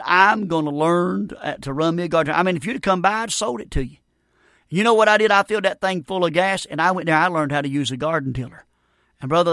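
A man's voice: on the high side, a bit bright, no room sound, clean studio sound. A man preaching a revival sermon in a folksy, emphatic way, calling out "amen" and "friend" to the congregation.

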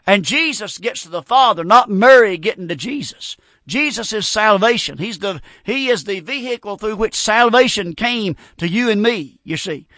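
A man's voice: sits high, animated, moderate pace, bright, forceful tone, no echo. A man preaching a fiery radio sermon, repeating phrases and building emphasis. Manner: preaching with rising emphasis and repetitions.

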